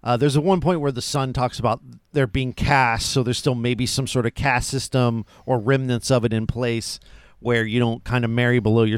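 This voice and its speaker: A man's voice: mid-range voice, clean tone, dry recording, clean studio sound. A man co-hosting a podcast, casually retelling film scenes and chatting. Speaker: podcast co-host.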